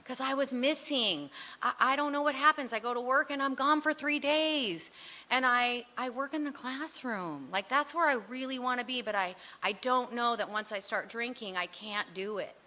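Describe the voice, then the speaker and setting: A woman with a bright, forward voice tells her own story to a recovery group. She talks candidly and in a rambling way, pokes fun at her old self, and fills her talk with "you know" and "like". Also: sits high, moderate pace. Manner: frequent fillers like "you know" and "like". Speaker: speaker sharing at a recovery meeting.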